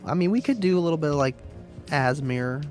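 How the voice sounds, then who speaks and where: A man's voice: on the high side, expressive, brisk, a little mellow, soft background music. A man hosting a live stream, chatting casually with viewers, laid-back and chatty, laughing often and calling people "man" and "dude".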